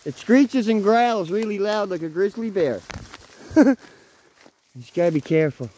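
A man in his thirties vlogging while hiking through the woods, excitable and swearing freely, talking to his dog as he goes. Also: high voice, moderate pace, slight background noise. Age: 30s. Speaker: outdoors vlogger. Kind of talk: casual walking vlog. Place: outdoors in woods.

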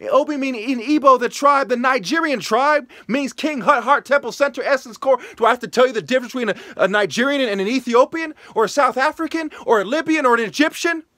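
A man delivering an angry, profane ranting monologue as a vlogger, hectoring his listeners and rising to shouting. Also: extremely high pitch, fast talker, few pauses, dry recording, studio quality.

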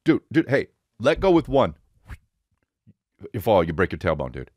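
A man's voice: on the low side, huge pitch swings, normal speed, darkish tone, no room sound. A man in his forties, a comedian hosting his podcast in a casual, rambling, profane and self-mocking monologue. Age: 40s. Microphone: studio podcast mic.

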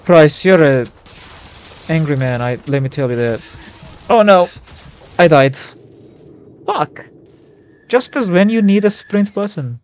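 A young man streaming a war game live, reacting loudly, swearing and yelling at his teammates. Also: a little high, measured pace, long pauses, clear, resonant tone. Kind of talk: live gameplay commentary.

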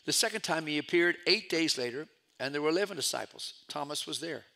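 Bright-voiced preacher man, storytelling sermon. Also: a little high, expressive, fast, gravelly. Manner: storytelling preacher, swings from loud calls to hushed asides. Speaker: pastor.

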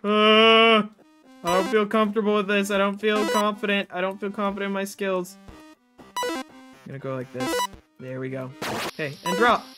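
A frustrated livestreamer talks through a game at home, cursing often and chatting to viewers. Low muttering breaks into sudden loud outbursts. Background music plays clearly behind the voice, which sits at a middle pitch. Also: fairly even intonation, normal speed, long pauses. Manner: frustrated, swears a lot, talks to self and chat. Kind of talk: live gameplay commentary.

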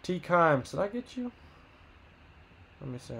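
A man's voice: on the high side, sing-song, creaky, fairly bright tone, slight background noise. Upbeat man calling a live card break. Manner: rapid roll-call of names and teams, upbeat banter. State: losing his voice. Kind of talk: live-stream box break chat.

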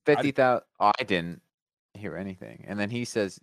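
A man co-hosting a podcast in casual chat, laid-back and quick to chime in. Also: on the low side, animated, dry recording. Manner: laid-back, frequent agreeing interjections. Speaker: podcast co-host.

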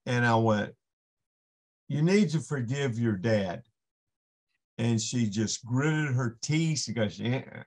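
Man, podcast guest, slow pace, storytelling, acts out dialogue. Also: medium pitch. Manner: unhurried storytelling, acts out the voices in his story. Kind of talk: casual storytelling testimony.

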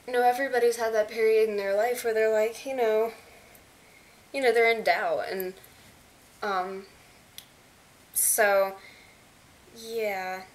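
A woman's voice: on the high side, level tone, slow pace, long pauses. Gushing chatty young woman. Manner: gushing, chatty, many fillers. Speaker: fan vlogger. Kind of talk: casual chat. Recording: faint hiss.

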